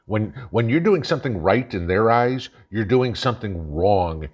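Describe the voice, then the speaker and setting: Brief: low-pitched male host, angry ranting monologue, blunt, profane, mocking. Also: lively intonation, moderate pace, darkish tone. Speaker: channel host.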